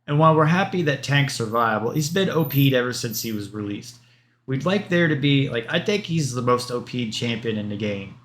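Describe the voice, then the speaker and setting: A man's voice: medium pitch, animated, brisk, a bit bright. Male streamer, casual and rambling; reads stat lists aloud, breaks off for asides. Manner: rambling, rattles off number lists with offhand asides. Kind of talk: livestream commentary reading patch notes.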